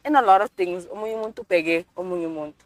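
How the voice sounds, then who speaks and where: A woman argues her side in a relaxed couch talk. Her voice is a little low for a woman, and her delivery is animated, with laughs woven in as she switches between English and Zulu. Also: rapid-fire. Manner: animated, mixes English and Zulu, laughs while making points. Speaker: podcast co-host. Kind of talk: casual chat.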